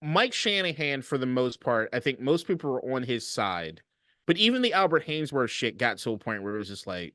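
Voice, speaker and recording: A man co-hosting a casual sports podcast, telling stories in a profane, animated way. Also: medium pitch, a little fast, dry recording, studio quality. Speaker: podcast co-host.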